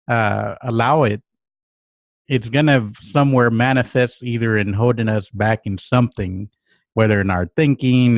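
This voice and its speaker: A man hosting a podcast, thinking aloud in a relaxed, reflective way and acting out little inner quotes. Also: mid-range voice, no room sound. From United States. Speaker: podcast host. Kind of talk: casual reflective chat.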